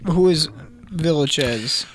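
A man's voice: fairly high pitch, slow pace. A man co-hosting a radio show, chiming in with short, curious questions in casual chat.

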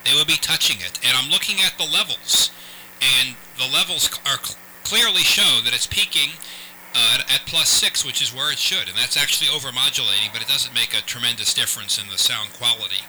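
Radio host guy, very bright sharp voice, earnest, keeps restarting, close mic. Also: mid-range voice, fairly quick, slight background noise, poor audio. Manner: earnest, repeats himself, lots of restarts. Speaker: radio call-in show host. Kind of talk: live call-in radio chat. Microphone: close studio microphone.

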